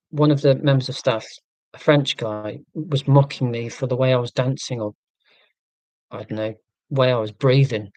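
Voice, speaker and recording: Man from England, livestream host, rambling and self-mocking, medium pitch, dry close sound. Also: darkish tone, no echo. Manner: self-deprecating, digressive, joking. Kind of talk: rambling live chat.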